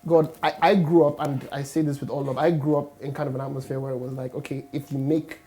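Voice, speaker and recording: Brief: man, quick and mellow, reflective panel guest who thinks aloud. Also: medium pitch, little pitch movement. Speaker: pastor's child on a panel. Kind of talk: candid panel discussion.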